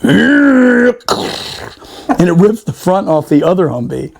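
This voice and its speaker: Man, somewhat high voice, casual podcast storyteller, swears a lot, laughs often. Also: slow pace, vocal fry. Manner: profane, animated, laughing often. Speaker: podcast storyteller, former Marine.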